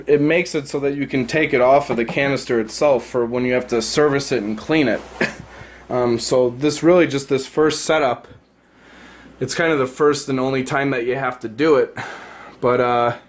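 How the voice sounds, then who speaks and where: A man giving a casual hands-on product demo at home beside a tank, filming on a handheld phone and rambling with lots of fillers and self-corrections. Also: medium pitch. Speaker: product reviewer.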